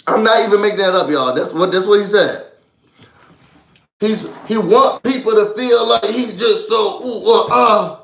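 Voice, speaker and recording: A man's voice: high-pitched, unhurried, creaky, a bit bright, roomy sound. A man hosting a live reality-show recap, ranting heatedly with lots of profanity. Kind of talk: live stream rant.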